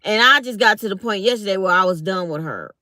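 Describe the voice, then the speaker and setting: A woman's voice: medium pitch, expressive, quick pace, bright, forceful tone, no echo, clean studio sound. A middle-aged woman, talking casually to viewers and acting out both sides of an office conversation. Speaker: vlogger.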